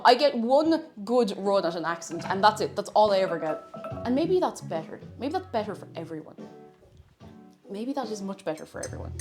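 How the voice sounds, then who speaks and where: A woman live-streaming from her home kitchen, chatting casually as she cooks and reading chat messages aloud. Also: mid-range voice. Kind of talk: casual chat while cooking. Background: faint music.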